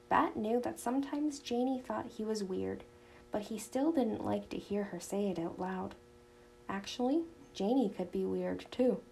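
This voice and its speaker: Woman audiobook narrator, children's novel, even storytelling, gravelly fry. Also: medium pitch, unhurried, a little hiss or hum, low-quality recording.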